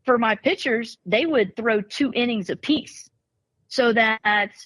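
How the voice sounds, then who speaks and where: A woman who is a former college and travel ball softball coach, talking casually on a podcast in an animated storytelling way, often restarting and repeating words. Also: a little high, slow pace, breathy edge, no room sound, poor audio.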